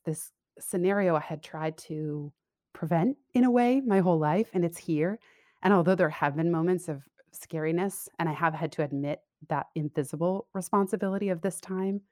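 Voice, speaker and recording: A woman's voice: lowish voice, a little fast, dark tone, no room sound, studio quality. A woman speaking as an interview guest over a remote call, reflective and candid, laughing easily and often restarting her sentences. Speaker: guest, career coach and business owner. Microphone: remote call audio.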